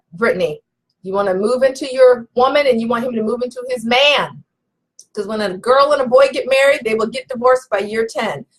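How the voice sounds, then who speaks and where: Woman coach on a live stream, slightly high voice, emphatic and preachy, repeats points, talks straight to viewers. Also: rough recording. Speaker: relationship coach. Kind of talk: live-stream teaching, reading viewer comments.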